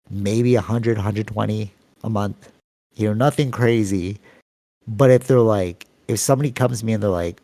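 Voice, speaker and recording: Rambling Canadian man, mellow voice. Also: no echo. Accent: Canadian English. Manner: long-winded, rambling storytelling with many fillers; acts out quoted voices with sudden pitch jumps. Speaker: podcast co-host. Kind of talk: casual podcast chat.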